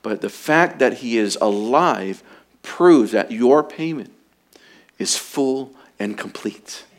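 Slow, emphatic male preacher. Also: mid-range voice, expressive. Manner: emphatic preaching, swinging between loud urgency and hushed quiet. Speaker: pastor. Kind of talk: sermon.

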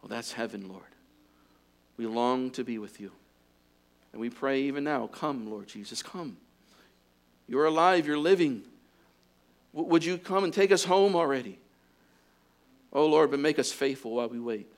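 A man preaching a sermon. He builds to loud, fervent exhortation and then drops to a hushed closing prayer. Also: mid-range voice, expressive, moderate pace, pauses often. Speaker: pastor.

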